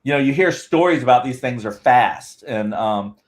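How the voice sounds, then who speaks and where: A man talks as a podcast guest in a loose, rambling way. His voice sits at an everyday middle pitch. He tells his story with lively energy. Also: normal speed. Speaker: guest Bigfoot researcher. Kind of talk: casual podcast chat.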